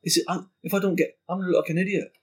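With a high-pitched, husky voice racing along, a podcast guest spins a story in relaxed conversation. He's animated, swears liberally, and acts out other people's words.

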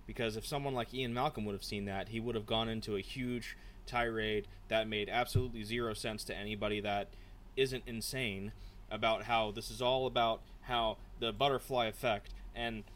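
A man co-hosting a casual book podcast, rambling and animated, slipping into quick impressions of characters. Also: mid-range voice, a little hiss or hum. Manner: rambling, animated, mimics characters mid-story. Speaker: podcast co-host.

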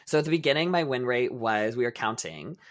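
A young man co-hosting a podcast, telling stories in a lively, profane way with bursts of laughter. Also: mid-range voice, brisk. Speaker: podcast co-host. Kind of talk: casual chat.

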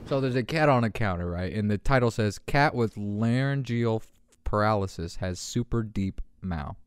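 A young man hosting a casual podcast, excitable and laughing often, swearing and doing deep meows as he reacts to memes. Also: moderate pace, clear, resonant tone. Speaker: podcast host. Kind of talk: casual meme commentary. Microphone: handheld podcast mic.

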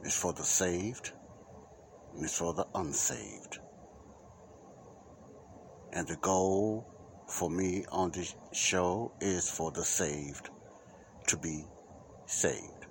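Man, deep voice, Christian podcast host, rambling emphatic delivery. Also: drawn-out words, pauses often, slight background noise. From United States. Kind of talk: Christian talk podcast monologue.

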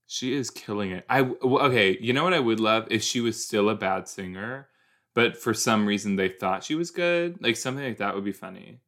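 A man's voice: lowish voice, fairly quick, a bit bright. A man hosting a casual reaction show, chatty and rambling, full of restarts and wry, teasing jokes. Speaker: podcast host reacting to a teen TV series.

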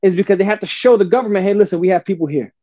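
Guesting on a podcast, this New Jersey man with a high voice tears through casual stories fast, loose and animated, peppering them with curses, street slang, and plenty of "bro." The sound is dull, lo-fi, and dry, close with no room around it.

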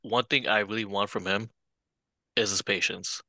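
A man's voice: lowish voice, steady tone, normal speed, sharp tone, no room sound. A man co-hosting a casual political podcast, mostly chiming in to agree. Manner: agreeing with short interjections. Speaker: podcast co-host.

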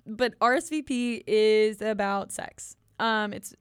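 This young American woman takes it slowly as she co-hosts a casual podcast chat reviewing an album, full of ums, likes and giggles. Her medium-pitched voice is clear and resonant with fairly even intonation. The recording is dry, clean studio sound.

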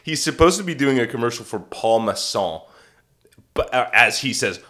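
A man's voice: mid-range voice, moderate pace. A man co-hosting a comedy podcast, swearing often and jumping into mock impressions while he tells stories. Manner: profane, animated, slips into mock impressions. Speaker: podcast co-host. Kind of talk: casual comedic chat.

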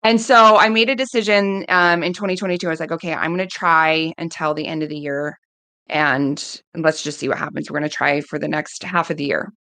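A woman's voice: sits low, steady tone, a little fast, bright, forceful tone, dry recording. A woman in her thirties, a coach, telling a heartfelt personal story in a casual interview, often quoting herself. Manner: earnest, emotional, quotes herself often.

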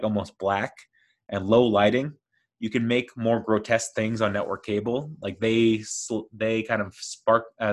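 Rambling low-voiced man reviewing a show. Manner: rambling, many fillers and restarts, enthusiastic. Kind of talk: casual review chat.

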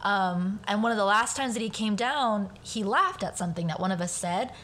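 A woman who speaks Spanish at home, a guest on a casual podcast, telling a family story in an animated way and swearing casually. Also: medium pitch, moderate pace. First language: bilingual, speaks Spanish at home.

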